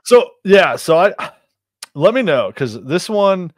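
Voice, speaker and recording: A man's voice: high voice, very animated, slow pace, no room sound, clean studio sound. A man co-hosting a casual podcast, easygoing and rambling, often chuckling as he talks. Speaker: podcast co-host.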